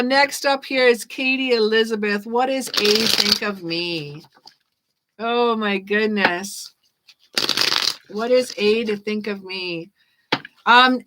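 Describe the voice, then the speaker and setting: A woman's voice: on the high side, heavy background noise. A woman reading tarot cards on a live stream, chatty and repetitive, laughing often as she reads viewers' questions. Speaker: tarot reader.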